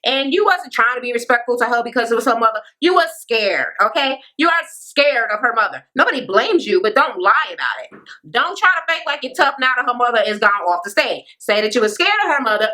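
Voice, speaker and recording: Woman vlogger, bright tense tone, slightly high, blunt swearing rant style. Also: big pitch swings, fairly quick, rough recording. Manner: blunt, sassy and heavily profane; sarcastic asides to the viewer. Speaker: reality TV recap vlogger. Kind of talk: casual ranting recap.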